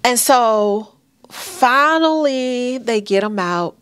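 Woman in her 30s talking thru a hard story, slow and halting, says y'all a lot, dry close sound. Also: fairly high pitch, expressive, fairly bright tone, smooth, dry recording. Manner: emotional, halting, addresses viewers as y'all. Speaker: vlogger sharing a birth story. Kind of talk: personal storytelling to camera.

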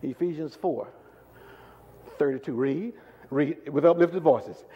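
A man preaching a call-and-response sermon, pressing the congregation with repeated questions and swinging between loud calls and quiet asides. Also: a little high, takes it slowly, slightly rough, dull audio. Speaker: pastor. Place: large church sanctuary. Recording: echoey church hall.

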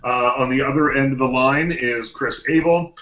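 A chatty man co-hosting a podcast who rambles with a bright, crisp tone. His voice rings in an echoey room. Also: medium pitch, normal speed. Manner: rambling, chatty, many fillers. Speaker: podcast co-host. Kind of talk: casual chat.

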